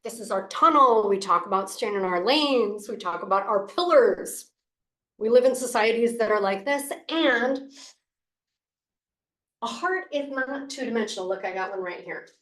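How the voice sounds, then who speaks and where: A fairly high-voiced woman coach speaks to camera in a motivational talk. Her delivery is expressive and playful, breaking into gasps and laughs. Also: normal speed, reverberant. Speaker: leadership coach.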